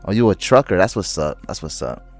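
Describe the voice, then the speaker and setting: Casual male streamer, very low voice, slangy and excitable, stutters and restarts his words. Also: fairly quick, faint music behind. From United States. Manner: loose slangy talk, calls viewers bro. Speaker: livestreamer. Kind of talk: casual livestream chat, reading viewer comments.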